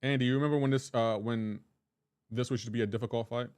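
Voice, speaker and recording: Man streaming a game, casual chat, joking, reads chat aloud, dry close mic, mid-pitched voice. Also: steady tone, fast, darkish tone, smooth, no echo. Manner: chatty and joking, reads out chat names and comments; playful teasing about pronunciation.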